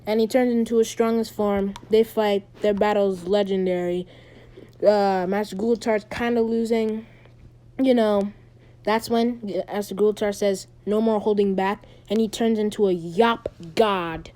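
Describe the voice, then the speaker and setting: Mellow-voiced woman rambling through a story. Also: medium pitch, fairly even intonation. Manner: rambling, halting, full of ums and restarts. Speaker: fan storyteller. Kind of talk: casual retelling of a fan story.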